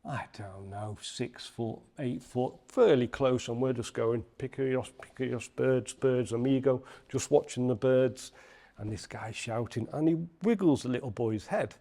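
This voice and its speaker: A man's voice: medium pitch, measured pace. A man from Liverpool with a Liverpool accent, a podcast guest telling a story in casual chat and acting out the voices he quotes. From Liverpool, England. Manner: animated, acts out voices in quotes.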